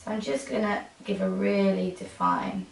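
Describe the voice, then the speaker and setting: A woman talks through a makeup tutorial, her voice a bit gravelly and soft as she coaxes her model. She sounds set back from the mic in a roomy space. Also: medium pitch, wildly swooping pitch, normal speed, a little hiss or hum. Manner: soft-spoken, coaxing instructions to a model. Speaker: makeup artist. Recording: roomy, from a distance.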